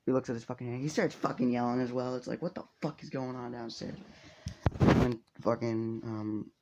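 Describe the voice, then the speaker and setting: A man's voice: medium pitch, steady tone, normal speed, very noisy. A man casually telling a fan story, rambling with lots of fillers and swearing.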